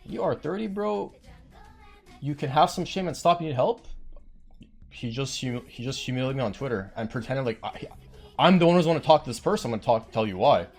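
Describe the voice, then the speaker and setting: A man's voice: mid-range voice, expressive, brisk, gravelly, a little mellow, faint music behind. A man streamer telling a heated, rambling story on his stream, swearing often.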